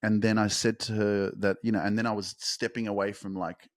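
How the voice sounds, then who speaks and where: A man hosting a motivational podcast, talking fervently and emphatically, swearing for emphasis and building to fast, intense peaks. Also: on the low side, level tone, dry recording, clean studio sound. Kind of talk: motivational monologue.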